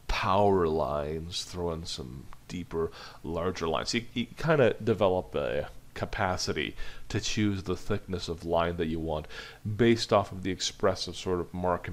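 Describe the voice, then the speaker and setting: Low-voiced man thinking aloud while drawing. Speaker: animation instructor. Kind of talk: live drawing demonstration lesson.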